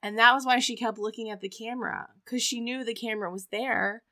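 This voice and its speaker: Woman host, storytelling, laughing often, bright and clear, slightly high. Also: brisk, no echo. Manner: animated, laughs often, acts out quotes. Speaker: podcast host. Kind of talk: casual storytelling chat.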